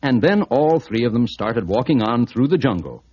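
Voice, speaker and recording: A man's voice: medium pitch, animated, moderate pace. A man narrating a children's storybook record in a playful, sing-song manner. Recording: dull lo-fi record with music.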